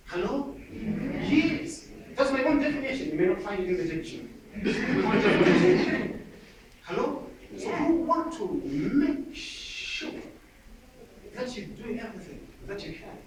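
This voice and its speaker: Energetic man in an echoey hall. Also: sits high. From Zimbabwe. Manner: energetic, calls out to the audience. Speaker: public speaking coach. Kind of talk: motivational seminar talk. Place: large hall with an audience. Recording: echoey hall from far off, audience noise.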